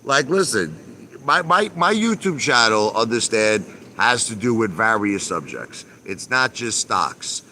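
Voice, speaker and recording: A man's voice: fairly low pitch, big pitch swings, a little slow, pushed and bright, a little hiss or hum. A man live-streaming from his backyard by a pool, ranting casually, repeating himself with emphasis and mild swearing. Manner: repetitive, emphatic, mildly profane.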